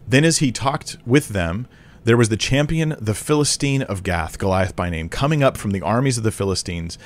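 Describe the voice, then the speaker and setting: A man with a somewhat low voice gives animated Bible commentary, reading scripture aloud. He breaks into slangy paraphrases and often clears his throat. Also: moderate pace. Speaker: Bible teacher critiquing a preacher.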